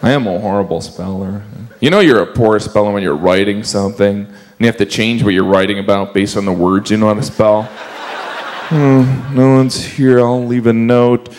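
A man performing a stand-up comedy set, dropping into high-pitched character voices. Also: a little fast, few pauses. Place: comedy stage. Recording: live room with audience noise. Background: audience laughter.

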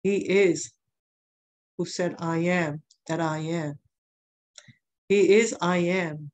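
A woman's voice: on the low side, fairly even intonation, takes it slowly, a little mellow. A woman preaching a sermon, telling a testimony in an earnest way and repeating phrases for emphasis.

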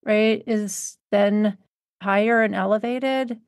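A woman hosting a podcast in casual conversation, halting and searching for words. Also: medium pitch, steady tone, no echo, studio quality. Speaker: podcast host.

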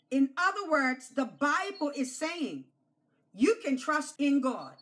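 A woman pastor giving an object lesson to children, slow and emphatic, repeating key phrases and coaxing them to say them back. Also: sits high, sing-song, fairly bright tone. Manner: coaxes children to repeat after her.

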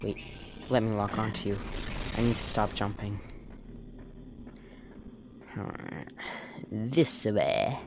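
A man's voice: lowish voice, little pitch movement, a little slow, long pauses, background noise. A man in a put-on British accent gives rambling let's-play commentary and talks to the enemies on screen. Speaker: gamer. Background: game music.

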